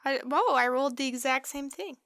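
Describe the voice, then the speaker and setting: A woman playing a tabletop game, chatting in an excited, quick way. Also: high voice. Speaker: player.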